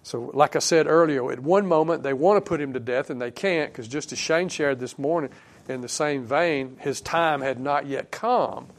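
A male preacher giving a sermon in a conversational way, thinking aloud with fillers and restarts and quoting scripture in a softer voice. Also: medium pitch, moderate pace. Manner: quotes scripture in a softer, dropping voice.

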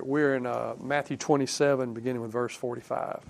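A male preacher giving a sermon in a conversational way, thinking aloud with fillers and restarts and quoting scripture in a softer voice. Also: mid-range voice, steady tone, a little fast, creaky, hardly any pauses. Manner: quotes scripture in a softer, dropping voice.

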